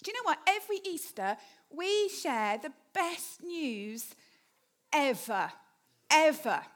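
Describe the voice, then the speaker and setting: High-voiced woman preaching chattily. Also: very animated, unhurried, fairly bright tone. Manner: chatty, humorous, asks the congregation questions. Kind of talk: sermon.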